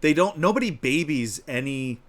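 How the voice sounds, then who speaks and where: Animated man chatting on a livestream. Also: normal speed. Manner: animated, acts out quotes in a higher voice. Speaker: podcast co-host. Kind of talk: casual chat. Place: live-streamed podcast.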